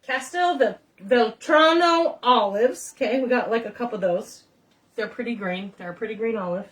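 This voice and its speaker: A woman's voice: on the high side, normal speed, fairly bright tone, distant mic. A middle-aged woman chatting and rambling through stories while cooking in her home kitchen, talking straight to her viewers. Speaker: home cook vlogger. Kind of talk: chatty cooking vlog storytelling.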